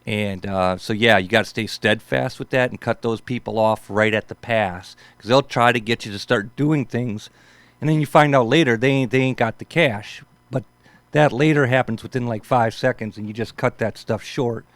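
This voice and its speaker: A man's voice: medium pitch, normal speed, fairly bright tone, dry recording. A man in his fifties hosting a show, telling rambling casual stories in a laid-back way, peppered with "man" and "for sure". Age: 50s. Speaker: host.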